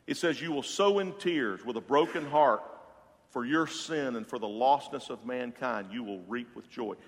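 A man preaching a sermon as pastor, passionate and swinging from loud to hushed. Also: medium pitch, moderate pace. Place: church sanctuary. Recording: long hall reverb.

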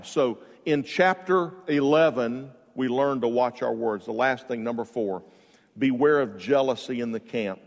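A man preaching a sermon, telling stories with bursts of loud emphasis and quiet asides. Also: mid-range voice. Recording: long reverb of a large hall.

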